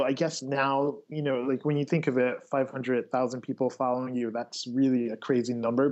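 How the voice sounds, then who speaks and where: A man's voice: medium pitch, highs cut off. A man telling stories in casual conversation as a guest, rambling with many fillers and restarts. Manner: rambling, filler-heavy, animated storytelling. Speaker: guest, artist.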